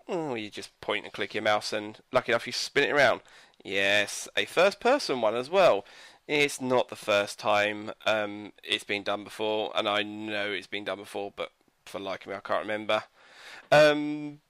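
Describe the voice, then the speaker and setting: A man's voice: medium pitch, fairly bright tone, no room sound. A man reviewing a video game in casual commentary, rambling and hesitant, with frequent fillers and self-corrections.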